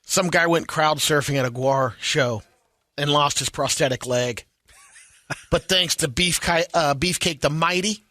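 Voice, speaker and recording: A man hosting a podcast, briskly recapping entertainment news stories in a casual way. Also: a little high, pushed and bright, dry recording.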